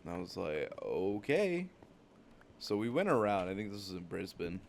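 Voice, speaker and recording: A man's voice: deep voice, fast, vocal fry, a little hiss or hum. A young man from the United States, hosting a gaming channel, tells rambling, profane travel stories full of "like" fillers. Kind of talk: casual storytelling while gaming.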